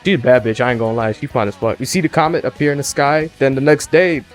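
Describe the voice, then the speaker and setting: A young man casually retelling a movie plot for a student project, joking, swearing freely and jumping up in pitch when he gets excited. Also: fast, soft background music. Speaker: student presenter.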